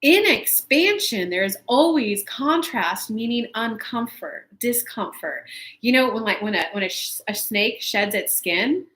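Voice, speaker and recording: A woman in her thirties hosting a casual live chat for her viewers, telling stories in an animated way with swearing and laughter. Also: on the high side, measured pace. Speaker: spiritual coach and channel host. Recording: echoey room.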